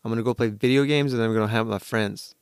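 A man's voice: mid-range voice, steady tone, racing, smooth, dry recording, clean studio sound. A man in his forties co-hosting a podcast, chatting casually with rambling enthusiasm. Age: 40s. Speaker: podcast co-host. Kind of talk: casual chat.

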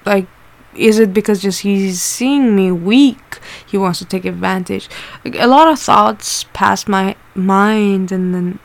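A woman's voice: medium pitch, clear, resonant tone. A woman candidly telling a personal story in a casual way, swearing often and using lots of fillers.

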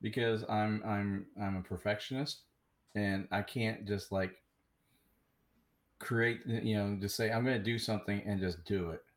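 A man in casual live-stream chat, talking haltingly with many restarts about his cruise vlogs. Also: fairly low pitch, steady tone. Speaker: cruise vlogger.

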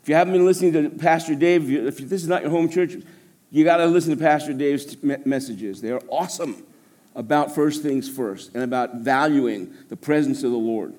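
A male pastor preaching a sermon to a congregation, animated, with joking asides. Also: fairly high pitch, fairly quick. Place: church service.

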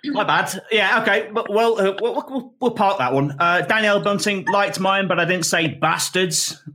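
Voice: mid-range voice, normal speed, pushed and bright. A host running a comedy panel, calling on guests and reading out comments in an upbeat, chatty way.

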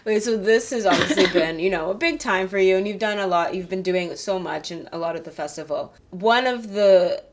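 A woman's voice: mid-range voice, fairly quick, hardly any pauses, a little hiss or hum. A woman hosting a podcast, teasing her guest in casual interview chat and laughing often. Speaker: podcast host.

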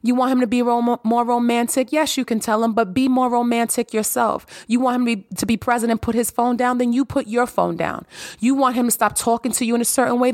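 A woman's voice: on the high side, dry recording. Emphatic woman podcaster, dry sound. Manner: emphatic, preachy, repeats phrases for effect. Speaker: podcast host. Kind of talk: solo podcast monologue.

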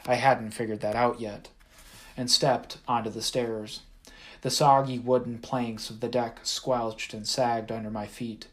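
Man, audiobook narration, measured and even, mid pitch. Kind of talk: first-person audiobook narration.

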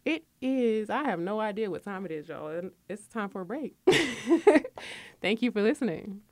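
A woman in her forties hosts a radio talk show, speaking a little fast in a recording with no echo. She chats candidly and openly about her life and work, lively with sudden high bursts.

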